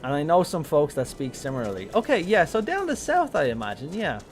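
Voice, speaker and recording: An Irish man chats his way through a live game stream, thinking aloud and trailing into ums. His pitch sits in a middle register but moves around a lot. Faint music plays quietly behind him. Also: wildly swooping pitch, brisk. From Ireland. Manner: chatty, rambling, thinking aloud with many ums. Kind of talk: casual live-stream gameplay commentary.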